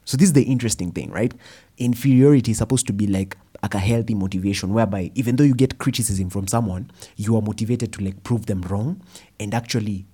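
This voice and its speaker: A young man with a Kenyan accent giving a personal storytelling talk, animated and slipping Swahili phrases into his English. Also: on the low side, quick pace, breathy edge. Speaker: speaker.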